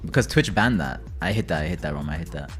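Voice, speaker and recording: A man streaming a game from home, chatting loosely with viewers, swearing freely and swinging between low mutters and loud rants. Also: animated, quick pace, soft background music. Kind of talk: casual live-stream chat while gaming.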